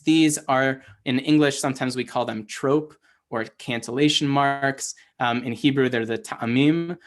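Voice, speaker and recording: Male teacher for a livestream class, mid pitch, talks loosely with restarts and asides. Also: fairly bright tone. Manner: casual, halting explanation with many restarts and "right?" checks. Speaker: Hebrew teacher. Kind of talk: online class lecture.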